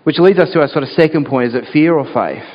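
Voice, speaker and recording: A man's voice: on the high side, fast. A man preaching a sermon as pastor, earnest and talking through rhetorical questions to his listeners. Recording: dull sound with long hall reverb.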